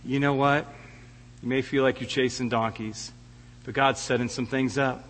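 A man's voice: mid-range voice, steady tone, moderate pace, a bit bright, long reverb tail. A middle-aged man preaching a heartfelt sermon as a guest preacher, often stammering and restarting his words. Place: church sanctuary.

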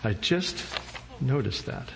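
A man's voice: mid-range voice, animated, slow pace, creaky. A male pastor preaching a sermon in a casual, slangy, humorous storytelling way. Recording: long hall reverb, faint noise.

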